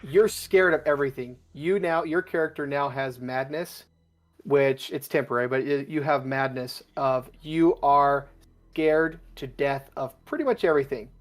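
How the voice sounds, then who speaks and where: A man at an ordinary middle pitch narrates a tabletop game as its game master. He describes each scene haltingly, circling back and restarting. A little music sits quietly behind him. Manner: halting, with many restarts and fillers.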